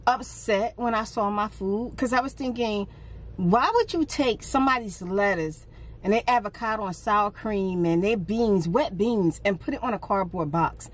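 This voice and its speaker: A middle-aged woman vlogger telling a casual story, relaxed with sighing pauses, her voice jumping up when she acts out what others said. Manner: animated retelling, pitch jumps up for quoted speech.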